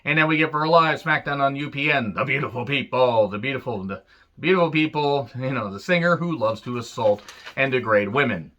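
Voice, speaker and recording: A man's voice: mid-range voice, brisk, a bit bright, highs cut off. A man giving a casual, sarcastic and profane recap of an old wrestling show, full of jokey asides. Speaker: wrestling reviewer.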